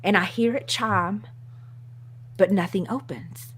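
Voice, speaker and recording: A woman co-hosting a casual chat show, telling a story in an animated, self-mocking way and laughing often. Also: mid-range voice, slow, slightly rough. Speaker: co-host.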